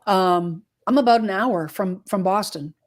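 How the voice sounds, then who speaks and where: A woman's voice: medium pitch, a little slow. A woman from Massachusetts in her forties, hosting a casual real estate chat with emphatic repeated phrases. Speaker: real estate podcast host.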